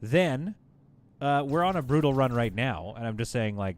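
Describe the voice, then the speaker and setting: Talking fairly quickly in a lowish voice, a man hosts a gaming livestream in a relaxed, chatty way. He often laughs and reads out what viewers write in chat.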